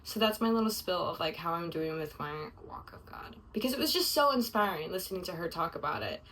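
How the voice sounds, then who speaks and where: A woman's voice: lowish voice, animated, brisk, a bit bright, far from the mic, slight background noise, rough recording. Young woman in an emotional, rambling video diary. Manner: emotional, rambling, heavy use of "like". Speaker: vlogger. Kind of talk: casual confessional video diary.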